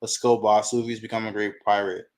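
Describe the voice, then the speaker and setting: Reading manga for his reaction channel, this host talks to himself in a brisk, lowish voice. He gets excited easily and curses freely throughout the casual commentary.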